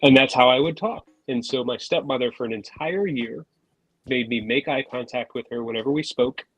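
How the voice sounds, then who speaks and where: A man's voice: medium pitch, normal speed, slightly rough, no room sound, rough recording. A man, a podcast guest from New Jersey, telling rambling self-mocking stories over a remote call on his phone. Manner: rambling storyteller, self-mocking, laughs between remarks.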